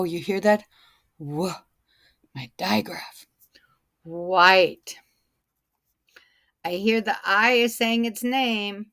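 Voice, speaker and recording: A woman teaching a phonics lesson to young students, saying each word slowly and repeating it so they can hear the sounds. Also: lowish voice, vocal fry, fairly bright tone, dry recording, clean studio sound. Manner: slow, deliberate, stretches and repeats words.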